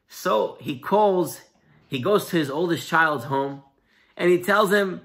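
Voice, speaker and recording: A rabbi gives a lively Torah class and tells a parable along the way. His voice is high and bright. He leans hard on key words, then drops to a soft hush. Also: unhurried. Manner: animated, emphatic, shifts between loud and soft.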